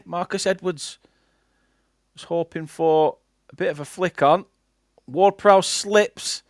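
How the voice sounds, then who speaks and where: A man's voice: sits high, a bit bright, no echo, studio quality. A young man from England with a Lancashire accent, hosting a live football watchalong, calling the play and chatting with viewers. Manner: chatty, reads out viewer comments between play-by-play. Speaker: fan channel host doing live match commentary. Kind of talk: casual live watchalong commentary.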